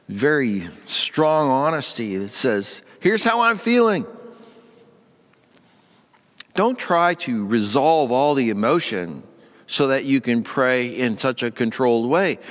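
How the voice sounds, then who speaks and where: A man's voice: mid-range voice, big-room sound. A male pastor giving a short, earnest devotional talk in a conversational tone, lifting his voice when he stresses strong feelings.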